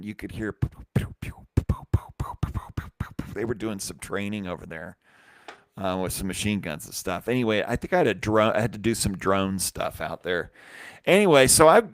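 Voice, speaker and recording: A man hosts a live stream and spins a loose, animated anecdote, doubling back and restarting as he goes. His voice is smooth and clear at a middling pitch. It is recorded close and dry. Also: no echo. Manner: rambling, animated anecdote with many restarts and acted-out quotes. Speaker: brewery company host. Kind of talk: casual storytelling on a live stream.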